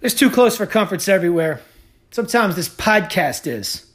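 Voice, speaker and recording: A man's voice: sits high, expressive, normal speed, a bit bright. Man, podcast host, ranting monologue, profane, sarcastic, heated.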